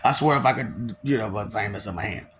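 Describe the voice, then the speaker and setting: A man's voice: lowish voice, fast talker, a bit bright, slight background noise. A man delivering a taunting, slangy monologue, laughing often between lines.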